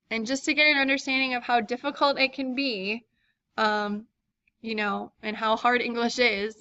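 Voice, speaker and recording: A woman's voice: a little high, bright, forceful tone, dry recording. A woman teacher casually walking students through a textbook chapter, explaining step by step with frequent ums. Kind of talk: recorded lecture walkthrough. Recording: dull lo-fi dry recording.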